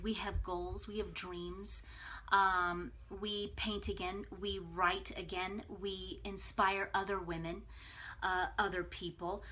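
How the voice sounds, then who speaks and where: A woman's voice: medium pitch, slightly rough. A woman hosting a live video, giving a casual, emphatic pep talk and checking in with viewers. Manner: energetic and emphatic, chatty, with frequent "okay?".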